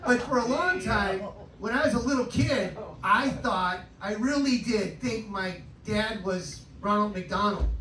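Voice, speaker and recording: A man's voice: high voice, unhurried, pushed and bright. A man doing a stand-up set on a live cabaret stage, crude and self-deprecating, working the crowd. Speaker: stand-up comedian. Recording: roomy live club recording from a distance, noisy.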